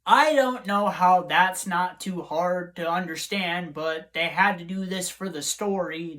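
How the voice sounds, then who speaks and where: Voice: medium pitch, fairly bright tone. A TV reviewer in a vlog, talking bluntly and repetitively and swearing freely.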